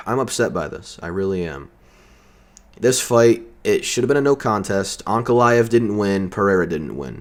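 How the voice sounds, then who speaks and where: A man delivering a heated, profane and sarcastic vlog rant. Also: low-pitched. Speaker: vlogger. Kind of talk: ranting commentary.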